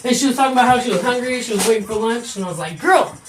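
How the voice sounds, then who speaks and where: A woman's voice: a little high, rapid-fire, soft background music. A woman streamer chatting casually to her viewers, laughing often and swearing freely as she tells stories. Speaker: live streamer. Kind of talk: casual chat on a live stream.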